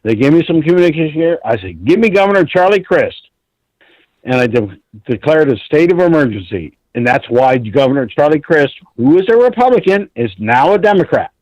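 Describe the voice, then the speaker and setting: A man's voice: a little high, sing-song, brisk, a little mellow, dry recording, lo-fi sound. A man calling in to a talk show, telling a long story in an intense, rambling way and swearing often. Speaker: caller.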